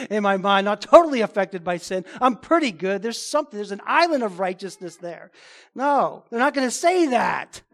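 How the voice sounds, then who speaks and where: Man, high pitch, pastor, expository sermon, emphatic, repeats phrases.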